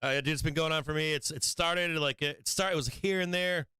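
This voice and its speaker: A man's voice: fairly high pitch, a little fast, pushed and bright, smooth, dry recording. A man hosting a stock trading live stream, talking casually, swearing and venting frustration about his trades.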